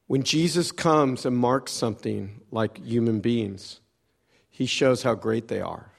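A man preaching slowly and emphatically to a congregation. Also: mid-range voice, creaky. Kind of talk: sermon.

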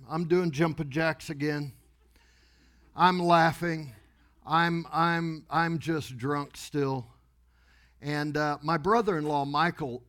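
A pastor telling a story in an animated, exuberant sermon to a congregation in a church. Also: male voice, a little high. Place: church sanctuary before a congregation.

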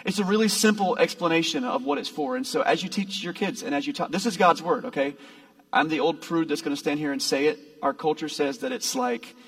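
Male pastor, sermon, folksy chatty delivery, high gravelly voice, miked from a distance. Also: expressive, brisk, fairly bright tone. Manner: conversational, folksy, with playful asides. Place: church.

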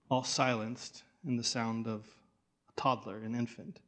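A man's voice: medium pitch, little pitch movement, unhurried, fairly bright tone. Casting: man in his thirties, pastor, earnest and emotional, mid-range voice, repeats words as he restarts. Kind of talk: sermon.

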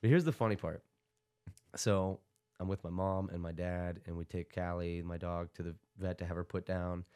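A young man chatting casually as a podcast guest, telling stories in an animated way and laughing often. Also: low voice, normal speed, clean tone. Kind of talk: casual chat.

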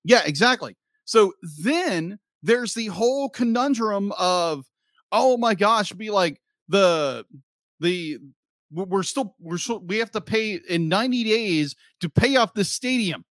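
A man's voice: high voice, expressive, measured pace, a bit bright, no room sound, clean studio sound. A man co-hosting a movie review podcast, ranting animatedly and acting out lines in casual chat. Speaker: podcast co-host.

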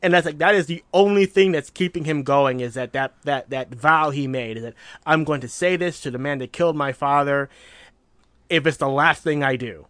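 Animated man discussing a film. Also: a little high, normal speed, no echo. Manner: animated, acts out quotes in a loud voice. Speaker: podcast co-host.

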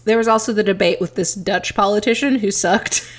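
A woman's voice: mid-range voice, fairly even intonation, brisk. A woman co-hosting a podcast, chatting casually, laughing and swearing. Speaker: podcast co-host. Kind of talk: casual chat.

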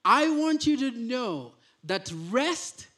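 A man's voice: very high voice, big pitch swings, slow, a bit bright. A man preaching a sermon, reading scripture and then explaining it in a conversational way, often restarting his sentences. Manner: conversational, with frequent restarts and stammers. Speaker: pastor.

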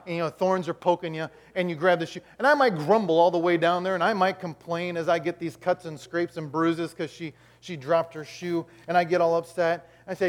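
A man's voice: on the high side, fairly even intonation, brisk, hardly any pauses. A middle-aged male pastor preaching a sermon, telling a homely story and acting out the voices in it.

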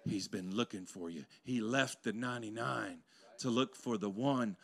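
In a church sanctuary, a male pastor preaches a sermon to his congregation in a lowish, creaky voice at normal speed. His delivery alternates between loud, climbing exclamations and quiet, intense stretches, with playful, conversational asides tossed to the crowd.

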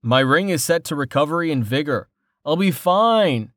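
A man's voice: a little high, lively intonation, moderate pace, fairly bright tone, no room sound, clean studio sound. A male narrator voicing a stubborn, wry young man who protests about his injuries. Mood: protesting.

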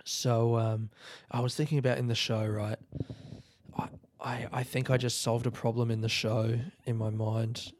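An Australian man from South Australia hosting a solo podcast late at night, talking quietly and rambling as he thinks aloud in bed. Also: mid-range voice, little pitch movement, moderate pace, a little hiss or hum. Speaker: podcast host and comedian. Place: bedroom at night. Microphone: own podcast mic set up in bed.

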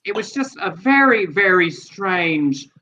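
A high, bright-voiced man walks through news items in an earnest, explanatory way. The sound is a little dull and lo-fi, as if from a basic podcast mic. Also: very animated, slow. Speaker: podcast co-host. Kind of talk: casual news commentary.

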